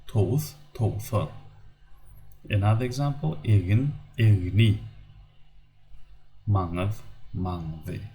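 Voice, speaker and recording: A man with a Turkmen accent teaching a recorded language lesson, slowly repeating example words. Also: lowish voice, warm tone.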